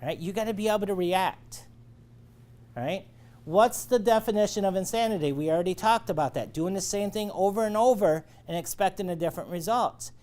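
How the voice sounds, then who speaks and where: A man's voice: high voice, brisk, darkish tone. A man leading a sales training lecture, coaching and checking in often with his listeners. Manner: coaching, checks in with "all right?".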